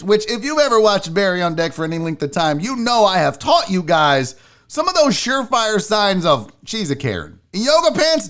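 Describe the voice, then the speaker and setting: A man hosting his own show, telling a comic story as a profane, sarcastic rant. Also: high voice. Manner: animated, swearing, sarcastic. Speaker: sports show host.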